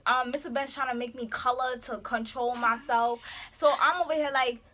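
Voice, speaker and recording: A young woman telling a story in blunt, casual chat with a friend, dropping low for emphasis. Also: steady tone, moderate pace, sharp tone. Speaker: guest friend.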